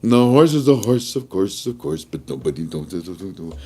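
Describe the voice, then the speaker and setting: A man's voice: low voice, big pitch swings, normal speed, dark tone, slightly rough, heavily acted. A man voicing a cheerful male talking horse from an old TV show, in a sing-song, chummy way. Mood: teasing.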